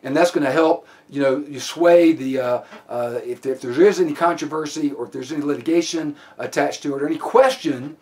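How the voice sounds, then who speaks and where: A man's voice: fairly high pitch, fairly quick, hardly any pauses, darkish tone. A man lecturing a police training class, plainspoken and given to restarts and repeated words. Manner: plainspoken, many restarts and fillers.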